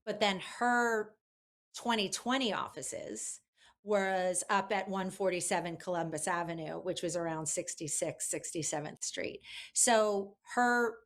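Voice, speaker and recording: A woman guest in a casual interview, telling an animated story with lots of fillers. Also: mid-range voice, a little slow. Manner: chatty, animated, many fillers. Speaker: guest, publicist.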